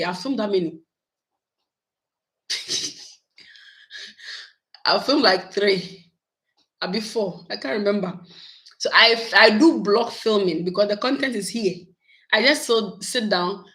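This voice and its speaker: A woman talks casually to her viewers from home. She is animated and chatty, laughing often as she goes. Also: medium pitch, rough recording. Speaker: YouTube vlogger. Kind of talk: casual live chat with viewers.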